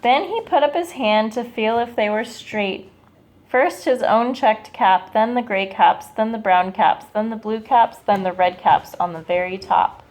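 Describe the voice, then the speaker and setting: A woman teacher reading a picture book aloud to children, slow and expressive, stopping to ask them questions. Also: a little high.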